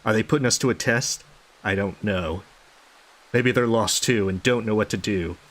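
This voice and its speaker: A man with a fairly low, slightly bright voice reads game dialogue aloud at a moderate pace. He voices an unhinged male doctor who hasn't slept, rambling, swearing, and muttering paranoidly.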